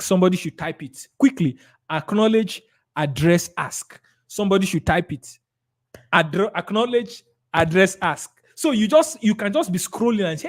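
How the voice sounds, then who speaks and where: Nigerian guy running a sales webinar, kinda high voice, hammers the same points over and over. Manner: emphatic, repeats key points, acts out client chats. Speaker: sales trainer.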